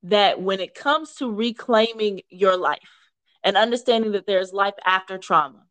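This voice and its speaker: A woman's voice: medium pitch, normal speed, fairly bright tone, dry recording. A woman guest on a podcast, speaking in an earnest, encouraging conversational way. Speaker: podcast guest, author and advocate. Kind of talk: conversational interview.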